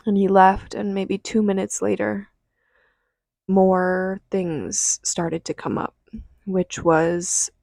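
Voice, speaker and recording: Woman with a gravelly, halting voice. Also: on the low side, a little mellow, no echo, clean studio sound. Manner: halting, with sighs and restarts; earnest and confessional. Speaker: podcast host. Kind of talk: personal testimony.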